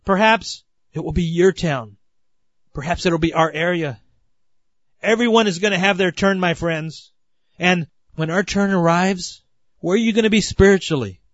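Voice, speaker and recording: Earnest guy preaching, kinda high voice, dull dry lo-fi sound. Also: moderate pace, pauses often, no room sound. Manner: earnest, emphatic, often says "my friends". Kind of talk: sermon.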